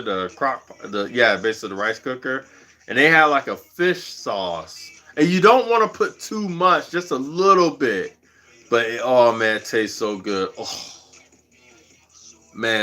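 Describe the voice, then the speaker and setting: A man's voice: mid-range voice, lively intonation, unhurried, pushed and bright. A man hosting a livestream in a slangy, rambling casual chat, laughing often. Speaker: livestream host.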